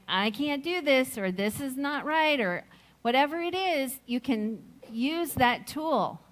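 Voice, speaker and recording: A middle-aged woman giving a sermon, slow and reflective, telling a personal story with gentle laughs. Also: a little high. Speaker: speaker at a Sunday service.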